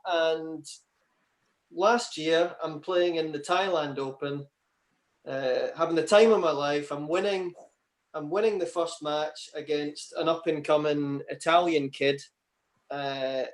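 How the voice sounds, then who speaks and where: Chatty man telling anecdotes. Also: on the high side. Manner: chatty anecdotes, many "you know" asides. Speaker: interview guest, table tennis player. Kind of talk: casual storytelling interview.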